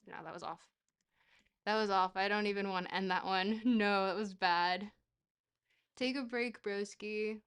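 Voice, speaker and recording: A woman's voice: medium pitch, unhurried, long pauses, clear, resonant tone. A woman streamer chatting casually while playing a geography guessing game, rambling and poking fun at herself. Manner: rambling, self-mocking, bursts into excited shouts.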